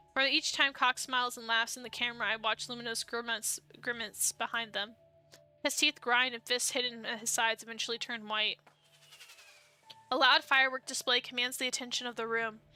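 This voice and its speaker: A young woman streamer reading a dating-sim story aloud, expressive, breaking off into excited asides. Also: fairly high pitch, smooth.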